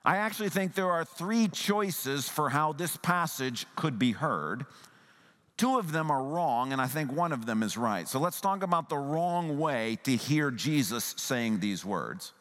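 A man preaching a sermon as a pastor, earnest and conversational, at times dropping to a soft, hushed voice. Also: a little high, expressive, measured pace, long reverb tail.

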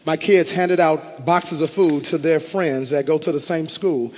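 A male pastor preaching with passion, his fairly high voice swelling into loud declarations. His words ring out with a long reverb, as in a large church sanctuary. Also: steady tone, a little slow. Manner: impassioned, rising to loud declarations. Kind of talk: sermon.

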